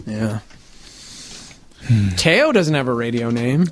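A man's voice: mid-range voice, slow, a little hiss or hum. A man co-hosting a morning radio show, telling stories with exaggerated reactions. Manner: animated storyteller, exaggerated reactions. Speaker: radio co-host. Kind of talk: casual radio banter.

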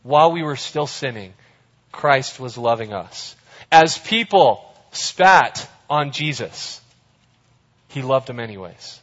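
A man preaching a sermon, emphatic, slowing down for scripture and turning loud and playful with his audience. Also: medium pitch, expressive. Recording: echoey hall, dull sound.

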